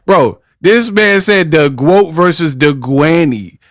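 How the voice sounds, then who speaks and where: Brief: fairly high-voiced man, slangy boxing trash talk, dry close sound. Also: animated, slow, a bit bright, no echo. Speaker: boxing commentary channel host. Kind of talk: casual commentary vlog.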